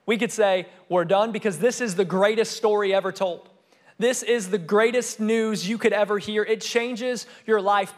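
A young adult man, a student pastor, preaching a sermon with emphatic, repeated phrases that rise and fall in loudness. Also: sits high, fairly even intonation, moderate pace.

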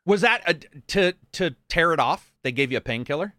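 A man's voice: a little high, lively intonation, a little fast, bright, forceful tone, dry recording, clean studio sound. A man in casual chat, telling jokey, profane stories and acting out quotes.

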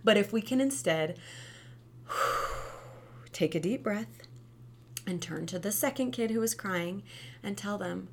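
A woman who used to teach preschool, giving casual parenting advice in a lively, conversational way and often asking "right?". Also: slow, pauses often, a little hiss or hum. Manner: animated, acts out quoted kids and parents with big pitch jumps.

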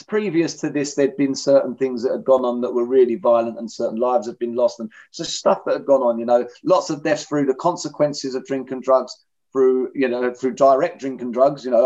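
A middle-aged man with a mellow, medium-pitched voice speaks bluntly and plainly as an interviewee in recovery. He candidly shares his own story in conversation, captured on a dull lo-fi recording.

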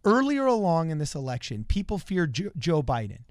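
A man's voice: fairly high pitch, huge pitch swings, a little fast, a little mellow, no echo, studio quality. A young man co-hosting a casual political talk show, insistently pressing his point. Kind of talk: casual political debate chat.

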